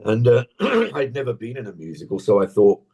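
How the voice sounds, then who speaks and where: Older man from England, husky voice, wide swinging pitch, playful anecdotes, home recording. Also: fairly quick. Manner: animated storytelling, playful. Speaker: actor, guest. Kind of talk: casual interview chat. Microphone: home recording setup.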